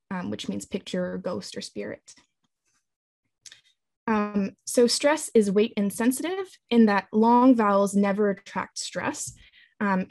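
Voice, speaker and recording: A woman's voice: medium pitch, darkish tone, no echo. Woman giving a dry academic talk. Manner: measured, explanatory, with frequent ums and restarts. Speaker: linguistics conference presenter.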